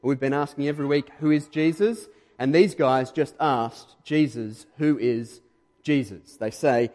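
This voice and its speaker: Emphatic Australian preacher in echoing hall. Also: male voice, mid-range voice. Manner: emphatic, conversational, quickly louder when stressing points. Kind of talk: sermon. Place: church hall.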